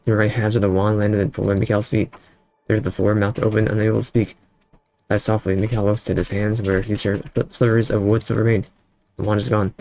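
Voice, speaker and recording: Low gravelly man reading game dialogue. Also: flat delivery, brisk, darkish tone, faint music behind. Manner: reads every character's lines in his own voice, casual asides. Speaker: streamer. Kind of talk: reading a text game aloud, live stream.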